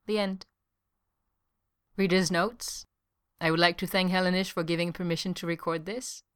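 Low-voiced woman reading a story. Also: fairly even intonation, normal speed, smooth. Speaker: podfic reader. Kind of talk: scripted narration of fan fiction.

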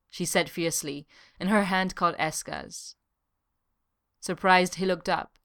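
A woman narrating a novel as an audiobook, in a measured, even way. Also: low voice. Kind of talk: scripted narration.

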